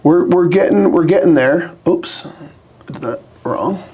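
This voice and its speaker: A man co-hosting a live board game stream in casual, self-deprecating chat, his voice hoarse after being ill. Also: high-pitched, unhurried, dark tone. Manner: chatty, self-deprecating, troubleshooting aloud.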